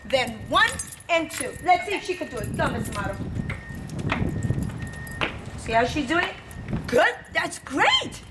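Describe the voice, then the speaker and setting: A woman's voice: high-pitched, big pitch swings, unhurried, pauses often, noisy background. A woman teaching a preschool lesson to young children, in a cheerful sing-song way.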